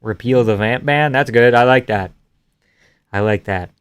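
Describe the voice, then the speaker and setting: A man's voice: medium pitch, measured pace, smooth, no echo. A young man hosting a live stream, casually reading out viewer comments and joking crudely in an offhand way.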